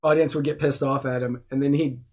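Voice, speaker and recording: A man's voice: mid-range voice, steady tone, a little fast, a little mellow. A man hosting a podcast in a studio, chatting casually and laughing along with his guest. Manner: laughing, agreeable banter. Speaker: podcast host.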